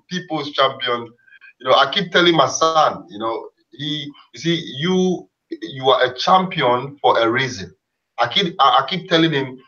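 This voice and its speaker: A man's voice: mid-range voice, sharp tone. A middle-aged man from Ghana, a boxer's father and trainer, talking earnestly in a casual interview with many fillers and restarts. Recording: dull lo-fi sound.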